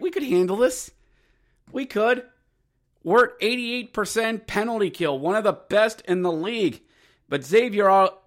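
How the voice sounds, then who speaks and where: A man hosting a hockey podcast, recapping games play-by-play, joking and bursting into shouted goal calls. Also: high-pitched. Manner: erupts into shouted goal calls, jokey asides. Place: jockey wagon.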